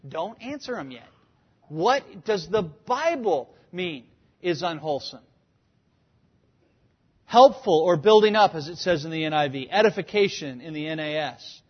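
A man preaching a sermon as a pastor, asking rhetorical questions and pushing up to a shout for emphasis. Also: a little high, expressive, measured pace, husky. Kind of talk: sermon teaching. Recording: dull lo-fi recording.

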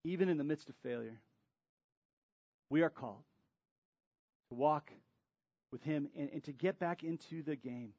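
A high-pitched man delivering a sermon as a pastor, swinging from loud, emphatic preaching to quiet, confiding asides. The recording is dry and a little dull, like a feed from a church sound system. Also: normal speed, long pauses, dry recording. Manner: drops to soft confiding asides.

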